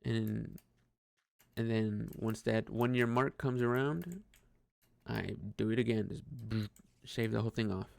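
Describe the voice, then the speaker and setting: A man's voice: on the low side, measured pace, gravelly, a little mellow, no echo. A man talking through a casual personal monologue, hesitant and rambling, with frequent restarts and swearing. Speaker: vlogger.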